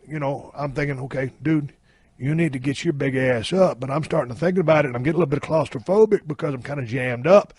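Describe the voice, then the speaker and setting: A man's voice: on the high side, no echo, studio quality. A man in his fifties telling a story in a blunt, heavily profane, drawling way. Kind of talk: casual anecdote telling.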